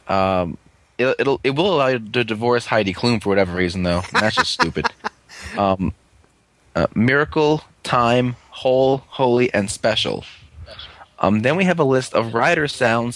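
A man's voice: mid-range voice, a bit bright, no echo. A man hosting a casual chat, reading through a long list with offhand jokes. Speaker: host. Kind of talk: casual toy-review chat.

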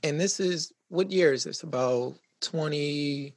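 A man's voice: on the high side, a little slow, no echo. A man interviewing a guest, supportive and asking probing questions. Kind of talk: podcast interview.

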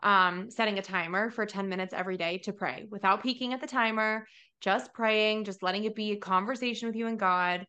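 A woman's voice: mid-range voice, fairly even intonation, fairly quick, pushed and bright, muffled recording. A woman hosting a faith podcast, chatting in a rambling, casual way full of "like". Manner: chatty, rambling, heavy use of "like". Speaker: podcast host.

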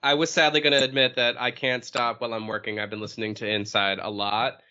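A man co-hosting a casual chat, animated and laughing, breaking into bits of song as he tells stories. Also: medium pitch, quick pace. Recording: lo-fi sound.

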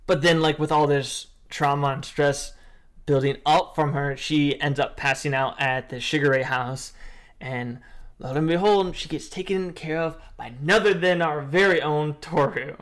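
A man's voice: fairly high pitch, steady tone, measured pace, a bit bright. A man talking casually about an anime, emotive and rambling with many fillers. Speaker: co-host. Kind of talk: casual anime review chat.

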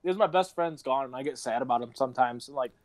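A man's voice: mid-range voice, quick pace, dry recording. A young man telling rambling stories on a casual podcast, swearing often and laughing between lines. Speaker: podcast host.

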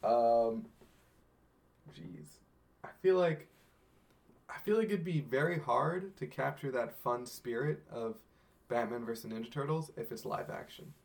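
A man's voice: medium pitch, measured pace, gravelly, long pauses. A man co-hosting a casual movie podcast, eagerly retelling fight scenes beat by beat. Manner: excited play-by-play retelling, quoting characters. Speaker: podcast co-host.

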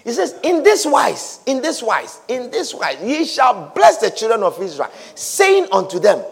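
A man pastor preaching a sermon, repeating shouted blessings and swinging between quiet speech and loud calls. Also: very high-pitched, wildly swooping pitch, a little slow, gravelly, husky.

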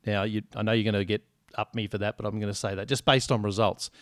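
A man's voice: on the low side, flat delivery, quick pace, no room sound, studio quality. A man co-hosting a podcast, chatty and joking, swearing freely. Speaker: podcast co-host. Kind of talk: casual sports chat.

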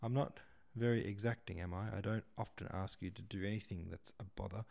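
A man's voice: fairly low pitch, fairly even intonation, fairly quick, vocal fry, a little mellow. A man reading the lines of a hurt, insistent young woman in a novel audiobook. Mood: pleading. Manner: pleading, then flaring up.

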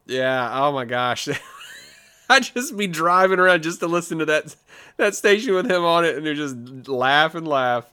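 A man's voice: a little high, expressive, normal speed, sharp tone, clear, resonant tone. A man co-hosting a podcast, chatting loosely about movie trailers with frequent restarts and fillers. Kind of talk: casual chat.

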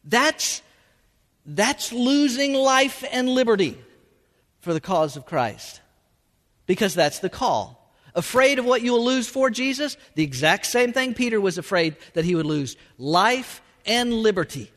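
A man's voice: very high voice, sing-song, unhurried, fairly bright tone, in a large hall. A man preaching a sermon as a pastor, emphatic and repeating his words as he drives points home. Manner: emphatic, repeats words, Southern-style y'all.

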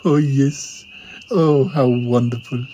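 A man's voice: mid-range voice, fairly even intonation, slow pace, dark tone, slight background noise, poor audio. A man hosting a comedy podcast, talking in a flustered, stammering way. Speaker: podcast host. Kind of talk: comedic improvised chat.

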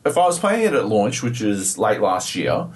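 A young Australian podcast co-host with a fairly low, sing-song voice at normal speed swears his way through an exasperated story while casually chatting about video games.

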